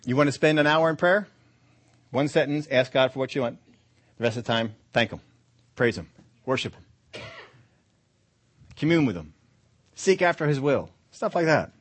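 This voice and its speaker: Male pastor preaching, mid-pitched voice, emphatic with loud peaks and soft endings, dry close sound. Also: expressive, unhurried, pauses often, slightly rough, no echo. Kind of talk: sermon.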